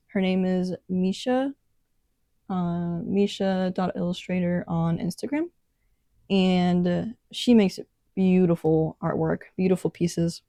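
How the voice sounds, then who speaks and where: A young woman casually narrating a sketchbook tour, relaxed and rambling with many fillers. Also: fairly low pitch, no echo, studio quality. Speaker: artist vlogger.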